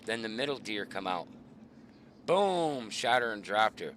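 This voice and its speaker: A middle-aged man with a lowish, bright, forceful voice tells a hunting story with plenty of swearing. He is the show's host, and his delivery is animated and casual. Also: brisk, slight background noise. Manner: profane, animated, swearing often. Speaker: show host.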